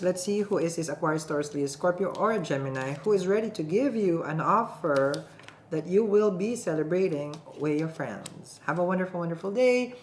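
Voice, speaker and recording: Low-voiced chatty woman tarot reader. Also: reverberant, a little hiss or hum. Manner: chatty, laughs often, keeps checking in with "okay?". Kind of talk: casual tarot reading to camera.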